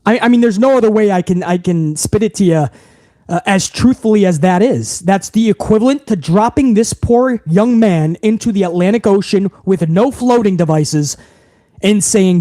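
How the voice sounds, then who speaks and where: This young man has a high-pitched, mellow voice at normal speed, with no echo. Hosting a live wrestling podcast stream, he rants heatedly and swears a lot while reading viewer super chats aloud.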